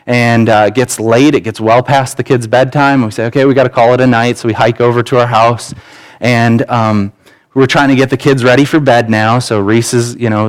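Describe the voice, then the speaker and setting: Pastor, man in his thirties, mid-pitched voice, conversational sermon delivery with storytelling. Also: poor audio. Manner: conversational preaching with personal stories; acts out quoted voices in dialogue. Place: church sanctuary.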